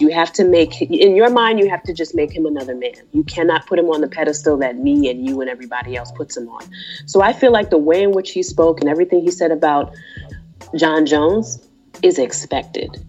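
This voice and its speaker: Animated woman co-host, low voice. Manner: lively and animated, talks through opinions with frequent asides. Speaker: podcast co-host. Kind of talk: casual chat. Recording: dull lo-fi sound with faint music.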